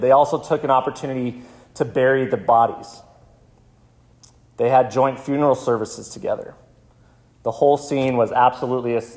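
A man's voice: medium pitch, darkish tone. Man preaching a dramatic story sermon. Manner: vivid storytelling, slowing down for dramatic moments. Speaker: pastor. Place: church.

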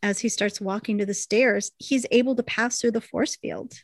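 A woman chatting on a podcast, walking her co-host through a TV episode scene by scene. Her voice sits somewhat high. The sound is dry and close to the microphone. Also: normal speed, no echo. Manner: animated retelling, quoting characters in voices. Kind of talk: casual chat. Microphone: desk microphone.

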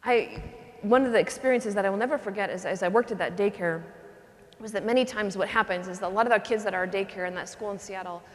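Earnest nun teaching in a cathedral. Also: female voice, medium pitch, fast talker. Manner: earnest, conversational, acts out little scenes. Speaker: nun giving a retreat talk. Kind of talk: charismatic retreat teaching. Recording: long cathedral reverb.

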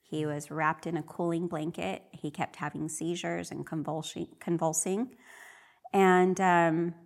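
A woman's voice: lowish voice, little pitch movement, measured pace, creaky. A middle-aged woman sharing her personal faith testimony in an earnest, emotional way. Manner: earnest and emotional, often re-voicing her own prayers.

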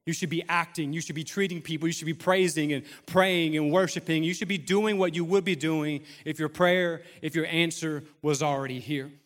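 A man in his thirties delivering a sermon with a slightly raised pitch. He preaches in an easygoing, conversational way, breaking into humor and acting out small scenes. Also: steady tone, brisk, few pauses, a bit bright, long reverb tail. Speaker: pastor.

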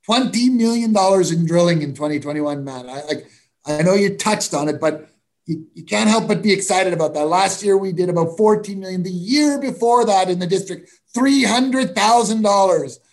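A man's voice: high voice, moderate pace. Upbeat man, a mining executive. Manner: animated, repetitive, emphatic. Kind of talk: enthusiastic interview answers.

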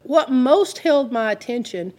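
A woman with a slightly high voice, preaching in a casual, talky way. She works through a story with earnest feeling and quotes the people in it as she goes. Her tone stays warm and direct, like teaching a congregation. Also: lively intonation, unhurried. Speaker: Christian teacher. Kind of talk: conversational sermon storytelling.

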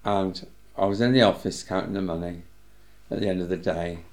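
Gravelly older Englishman, slurring. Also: low voice, a little fast. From England. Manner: lively, chatty storyteller. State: slurring words from medication. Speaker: interviewee, former cinema manager. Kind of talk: casual anecdotal storytelling.

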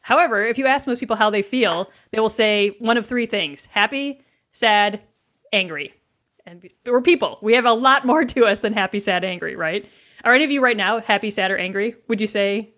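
A woman's voice: medium pitch, normal speed, a bit bright. A woman guest on a podcast, explaining leadership ideas in casual conversation and asking rhetorical questions.

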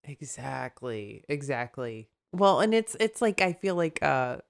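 A woman's voice: a bass voice, big pitch swings, a little slow, creaky. A woman therapist co-hosting a casual podcast chat, rambling into tangents and laughing often.

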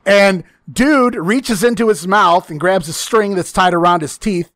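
A man's voice: sits high, measured pace, few pauses, a bit bright, dry recording. A man hosting a casual chat, telling a long profane story, often laughing and acting out the lines he quotes.

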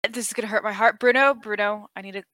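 Bright, animated woman player. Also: mid-range voice, dry recording. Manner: animated, quick questions, bursts into shouts. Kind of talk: tabletop role-play, in and out of character.

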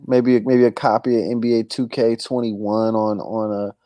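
A man's voice: lowish voice, little pitch movement, normal speed, crowd noise. A man co-hosting a podcast in casual chat, loose and joking, often calling his partner "man". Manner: laid-back, loose and joking, says "man" a lot. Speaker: podcast co-host.

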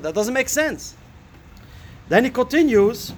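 A man's voice: very high voice, animated, normal speed. A man teaching a Talmud lesson. He reads a line aloud, then explains it, thinking aloud with fillers and rhetorical questions. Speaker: Torah teacher. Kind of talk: Talmud lesson, reading and translating a text.

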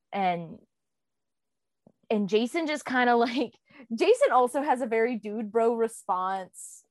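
A woman's voice: fairly high pitch, animated, takes it slowly, long pauses, no room sound. A woman co-hosting a podcast, chatting casually about a book, rambling with many fillers. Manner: rambling, full of "um" and "like". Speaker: podcast co-host.

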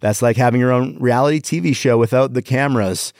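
A middle-aged man hosting a casual podcast, reading corny one-liners and pushing his punchlines high in pitch. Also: fairly quick, darkish tone, dry recording, clean studio sound. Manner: reads jokes aloud with exaggerated rising punchlines. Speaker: podcast host. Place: Las Vegas.

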